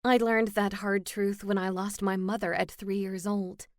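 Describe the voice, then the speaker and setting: Female audiobook narrator, steady and wry, dry studio sound. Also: medium pitch, moderate pace, dry recording. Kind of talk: scripted first-person narration.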